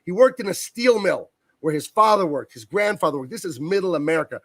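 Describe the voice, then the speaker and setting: Male comic colorist, guest on a video call, enthusiastic rambling talk, slightly high voice, dry close sound. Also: expressive, a little fast, no echo. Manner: enthusiastic, rambling, talks up his work. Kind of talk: casual interview chat.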